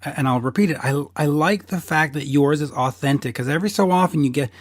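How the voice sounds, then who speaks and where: A man's voice: a little high, brisk, dry recording, clean studio sound. A man hosting a podcast, chatting enthusiastically and bluntly, losing his voice a little. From Canada. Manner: enthusiastic, blunt, swears casually. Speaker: podcast host. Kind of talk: casual interview chat.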